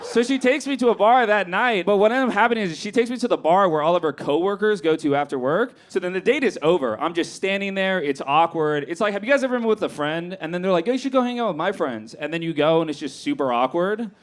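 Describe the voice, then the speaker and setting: A young man performing a stand-up comedy set on a club stage, acting out his own lines in an animated way. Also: high-pitched, fast talker, hardly any pauses.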